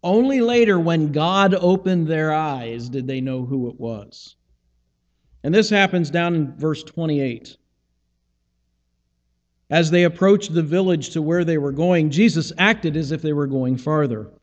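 A man, a pastor, retells scripture in a conversational sermon, acting out each speaker's lines. His voice is on the high side and a little slow, heard in a large hall with the top end cut off.

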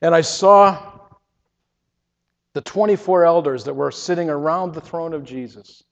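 A man telling his own story in the first person, earnest and emotional, often halting and repeating words. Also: a little high, gravelly. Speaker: storyteller giving a testimony. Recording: reverberant, dull lo-fi sound.

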